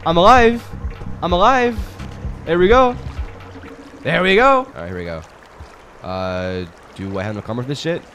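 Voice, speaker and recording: A young man commenting on his own play of a hard game, mumbling one moment and shouting and swearing the next. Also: a little high, lively intonation, normal speed, long pauses, soft background music. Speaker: gaming streamer. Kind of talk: reactive gameplay commentary.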